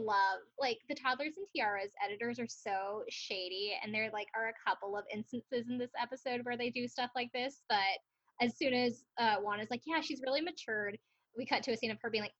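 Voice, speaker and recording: A woman's voice: a little high, a bit bright, muffled recording. A woman chatting casually on a podcast, recapping a TV episode with lots of laughs and fillers. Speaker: podcast co-host. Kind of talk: casual chat recapping a TV show.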